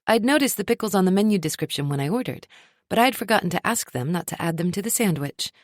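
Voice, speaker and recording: Expressive woman narrating a romance audiobook. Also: on the low side, fast, no echo, clean studio sound. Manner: expressive, wry storytelling.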